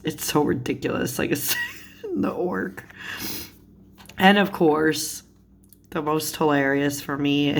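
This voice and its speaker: A young woman chatting casually about tarot cards, often breaking into giggles mid-sentence. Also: sits low. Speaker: tarot video creator.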